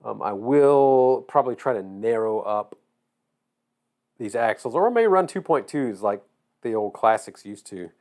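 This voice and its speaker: A man from Georgia with a Southern accent, his voice going hoarse, chatting casually and rambling while he builds a model. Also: medium pitch, a little slow. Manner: relaxed, rambling, drawling. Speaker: hobby shop owner.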